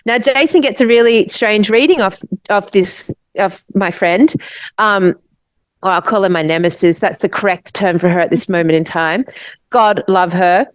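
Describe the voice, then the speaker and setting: An Australian woman co-hosting a podcast, telling a wild story in an animated, rambling way and swearing freely. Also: mid-range voice, moderate pace, no echo, low-quality recording. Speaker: podcast co-host. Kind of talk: casual storytelling.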